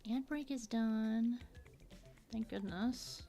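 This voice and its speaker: A woman streamer with a slightly high voice, chatting with viewers and trailing off into muttered asides as she works on a drawing. Faint music plays behind her. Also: slow pace, warm tone. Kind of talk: casual live-stream chat while drawing.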